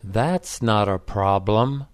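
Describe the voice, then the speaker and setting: Coaxing husband, read by a man, slow pace, smooth, dry close sound. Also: fairly low pitch. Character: puzzled husband, coaxing his wife.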